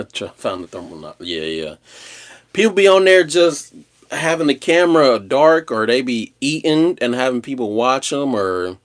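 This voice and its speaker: A man chatting casually on a livestream, rambling in a slangy, laid-back way with animated outbursts. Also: mid-range voice, unhurried. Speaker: live streamer.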